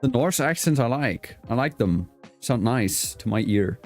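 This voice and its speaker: A man's voice: medium pitch, lively intonation, unhurried, a little mellow, faint music behind. A man hosting a casual video-call interview, with an accent mixing British and South African English, rambling, swearing casually and laughing often. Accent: mix of British and South African English. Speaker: host.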